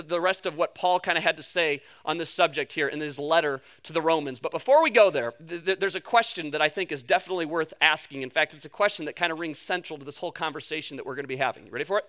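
A man preaching a casual, conversational sermon to a congregation, animated and joking, with playful asides. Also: a little high, racing. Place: church service before a congregation.

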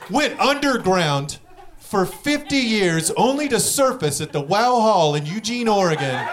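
On stage doing stand-up, a young man tells rapid, profane stories full of act-outs while the crowd laughs behind him. His voice is high, and there's a little hiss or hum in the recording.

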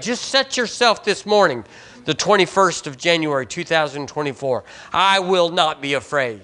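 A Southern man preaches to his congregation in a somewhat high, bright voice. He reads scripture, calls for the room to repeat after him, and drives his points home by saying phrases again and again. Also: lively intonation, normal speed. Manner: preaching with call-and-response and rising emphatic repetitions. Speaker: pastor. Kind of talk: sermon. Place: church sanctuary.

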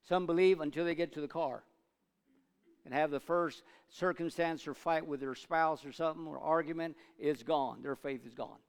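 A male preacher delivering a sermon, swinging between loud urging and low asides and calling for amens from the congregation. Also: moderate pace, gravelly, clear, resonant tone. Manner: call-and-response with congregation. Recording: long reverb of a large hall.

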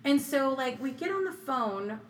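A woman's voice: sits high, animated, a little slow, a little hiss or hum. Frank, profane woman in casual chat. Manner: frank and profane, acts out quoted dialogue.

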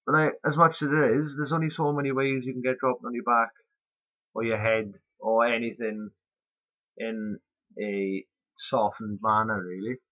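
A man's voice: medium pitch, fairly even intonation, moderate pace. A young man hosting a casual podcast chat, rambling loosely and swearing offhand. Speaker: podcast host. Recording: muffled lo-fi podcast audio.

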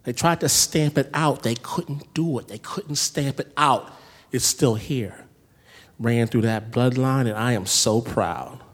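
A man's voice: mid-range voice, unhurried, husky. A man hosting a live show, introducing a guest with an emphatic, rhythmic build-up, recorded on stage with hall reverb. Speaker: host.

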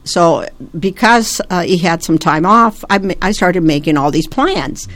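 A woman's voice: fairly low pitch, expressive, a little slow, fairly bright tone. Older Italian-born woman telling family stories. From Italy. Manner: rambling, self-interrupting storyteller. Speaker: guest, host's mother. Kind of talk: casual family storytelling.

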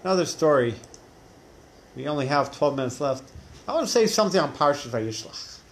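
A man's voice: on the high side, sing-song, fairly quick, slight background noise. A man teaching a religious class who tells stories animatedly, acting out the characters, with frequent restarts. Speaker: Torah teacher.

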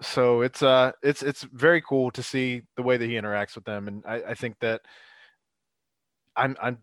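A man talking casual sports chat, excitable and full of fillers, laughing often between thoughts. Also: mid-range voice, moderate pace, dry recording.

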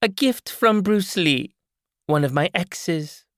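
A man's voice: lively intonation, takes it slowly, no echo, clean studio sound. A man reading an audiobook, voicing a brash, faded older woman who mocks and scolds. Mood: mocking. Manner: shrill, mocking, theatrical. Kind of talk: audiobook character voice.

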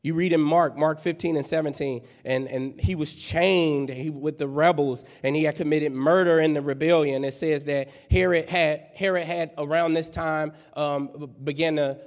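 A man preaches in a church sanctuary with a slightly high voice, talking loosely and playfully and firing off rhetorical questions at the congregation. His voice rings out with a long hall reverb behind it. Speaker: pastor. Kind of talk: sermon.

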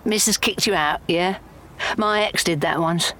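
A woman's voice: lowish voice, measured pace, fairly bright tone, slight background noise. A woman voicing a weary middle-aged working man, chatty and blokey. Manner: chatty, blokey, sprinkles in "mate".

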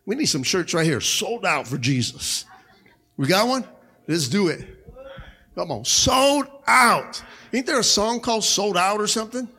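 A man preaching a sermon as pastor to his congregation in a church, with a slightly raspy voice, calling out "come on" and "amen" and shouting as he rises. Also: sits high, expressive, measured pace. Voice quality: a little raspy. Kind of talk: energetic sermon. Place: church sanctuary.

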